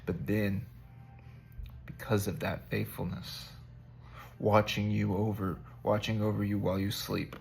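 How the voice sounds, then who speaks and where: Gravelly low-voiced man giving casual encouragement. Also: little pitch movement, unhurried, long pauses, soft background music. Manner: rambling, conversational, self-joking. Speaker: vlogger giving spiritual encouragement. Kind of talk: casual devotional talk.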